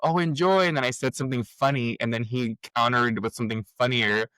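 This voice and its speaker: Male co-host, mid pitch, loose rambling storyteller, dry close recording. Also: steady tone, fast, sharp tone, smooth, no room sound. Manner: rambling, heavy on "like", laughs often. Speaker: podcast co-host. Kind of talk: casual chat.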